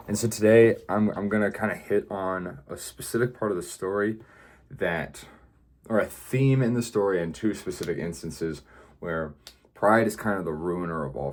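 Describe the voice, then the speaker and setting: Low-voiced rambling young man. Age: young adult. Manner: rambling, full of fillers and "like". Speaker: vlogger. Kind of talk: casual talk to camera.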